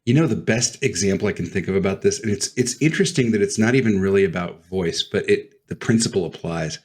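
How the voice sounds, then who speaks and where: A man co-hosting a casual podcast who explains his points thoughtfully and carefully. His voice sits fairly low and has a husky edge. He speaks in an easy, conversational way. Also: quick pace, darkish tone. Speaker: podcast co-host. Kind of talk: casual chat.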